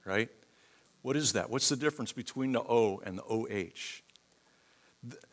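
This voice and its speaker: A middle-aged pastor preaching in a fairly low voice. He teaches patiently, then climbs higher and louder when he drives a point home. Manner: preaching, swells loud and high for emphasis. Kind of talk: sermon.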